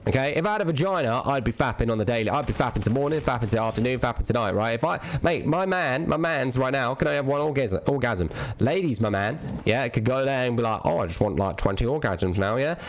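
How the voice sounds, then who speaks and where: A man's voice: mid-range voice, lively intonation, quick pace, few pauses, slight background noise. A young man streaming a game, ranting casually, profane and rambling with lots of restarts. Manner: rambling, profane, repeats himself.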